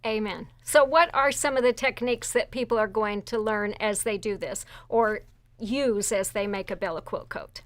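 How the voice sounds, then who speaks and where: A woman's voice: mid-range voice, moderate pace, a bit bright, no echo. Encouraging woman host, dry sound. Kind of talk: livestream interview.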